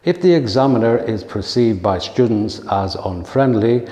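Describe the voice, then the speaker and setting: A man addressing fellow teachers in a measured, clear, scripted teaching talk. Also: fairly low pitch, expressive, dark tone. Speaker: teacher trainer. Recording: echoey room with long reverb.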